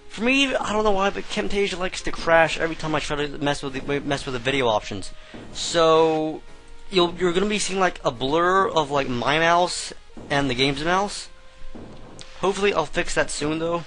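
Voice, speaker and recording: A man's voice: a little high, fairly bright tone, poor audio. A young man giving casual, rambling let's-play commentary, hesitant and chatty.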